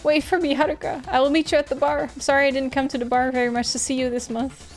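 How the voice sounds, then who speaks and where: A deranged young male suspect who pleads and fawns in a high, strained voice, played by a woman reading a mystery game aloud. He sounds lovesick and detached from reality, and gets loud when he begs. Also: little pitch movement, quick pace, faint music behind, lightly acted. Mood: pleading.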